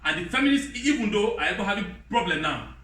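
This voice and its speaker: A man preaching a sermon in non-native English with broken grammar, lively, mimicking other voices in a high pitch. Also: fast. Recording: roomy hall, voice from a distance.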